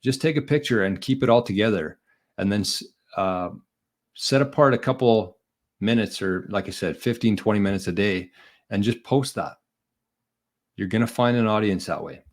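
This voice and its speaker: A man's voice: lowish voice, moderate pace. A man hosting a podcast on his own, giving casual, encouraging advice in a rambling, conversational way. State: out of breath. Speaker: podcast host. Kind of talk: casual solo livestream advice.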